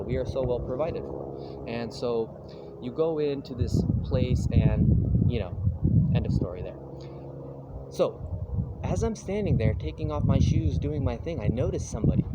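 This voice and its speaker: A man's voice: medium pitch, lo-fi sound, heavy background noise. A man vlogging, telling a rambling, casual story and slipping into voices for the people in it. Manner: rambling, breaks into quoted voices.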